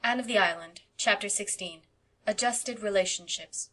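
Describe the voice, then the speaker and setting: A woman narrating a classic novel as an audiobook, in an expressive, measured storytelling manner. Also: mid-range voice. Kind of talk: scripted narration.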